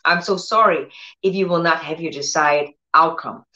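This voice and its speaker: A woman's voice: sits low, moderate pace, bright, forceful tone. Earnest woman preacher, roomy lo-fi sound. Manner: earnest and repetitive, with many restarts and direct questions to listeners. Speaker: preacher and Bible teacher on her own channel. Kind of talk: conversational sermon with Bible reading.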